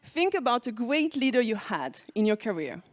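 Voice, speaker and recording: Lively French-accented woman giving a keynote. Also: fairly high pitch, moderate pace, no echo. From France. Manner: engaging, asks the audience reflective questions. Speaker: speaker on leadership. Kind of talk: conference keynote talk.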